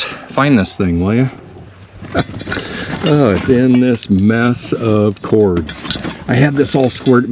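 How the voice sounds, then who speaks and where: A man's voice: medium pitch, slight background noise. A man vlogging his solo van camping trip in a casual, chatty way, talking straight to his viewers. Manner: chatty, talks directly to viewers as folks. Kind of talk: casual solo vlog narration to camera. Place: outdoors at a riverside campground in the rain.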